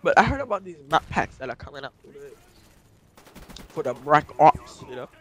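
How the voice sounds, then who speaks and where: High-voiced man rambling profane gameplay commentary. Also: very animated, moderate pace, fairly bright tone, low-quality recording. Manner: profane, says "you know" constantly, broken grammar. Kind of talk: rambling comic storytelling over gameplay.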